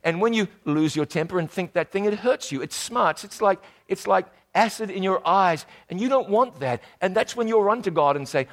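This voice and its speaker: High-voiced pastor preaching with rising fervor. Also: male voice, moderate pace, hardly any pauses. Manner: animated preaching, voice rising to loud emphatic declarations. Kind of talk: sermon.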